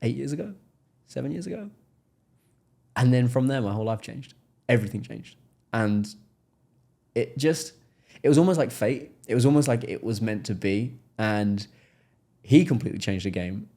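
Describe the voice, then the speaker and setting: An English man, a podcast guest, telling stories in a relaxed interview and acting out the people in them. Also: mid-range voice, normal speed, creaky, pauses often. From England. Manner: animated storyteller, acts out quoted voices. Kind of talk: casual interview storytelling.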